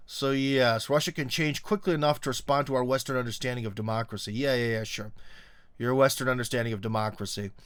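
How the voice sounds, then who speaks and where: A man's voice: mid-range voice, a bit bright, clear, resonant tone, dry recording, clean studio sound. A man hosting a casual political commentary monologue, rambling with many fillers and restarts, and often sarcastic.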